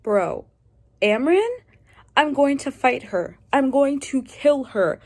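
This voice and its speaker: A woman vlogging her reactions to a book, talking casually and excitedly, gushing with squeals and sudden hushed asides. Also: high-pitched, takes it slowly. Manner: excitable, gushing, swings between whispers and squeals. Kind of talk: casual reading reaction vlog.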